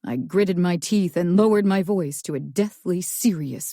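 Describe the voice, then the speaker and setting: A woman narrating a first-person thriller audiobook in a slow, tense storytelling manner. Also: fairly low pitch, warm tone, no room sound, studio quality.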